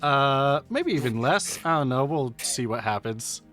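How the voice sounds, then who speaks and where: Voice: mid-range voice, very animated, normal speed, soft background music. A game master running a tabletop game, hesitant and sighing between rules calls.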